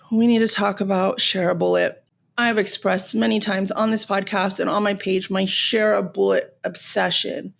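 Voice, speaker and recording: A woman from Los Angeles hosting a podcast, ranting in an animated, sarcastic way and swearing freely. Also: mid-range voice, gravelly. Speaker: podcast host. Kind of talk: casual rant.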